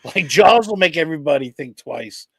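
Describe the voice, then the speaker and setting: A man on a pop culture panel who talks in a profane, animated way and tells stories with plenty of energy. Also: a little high, normal speed, creaky, husky, dry recording. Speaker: panel guest. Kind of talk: casual pop culture chat.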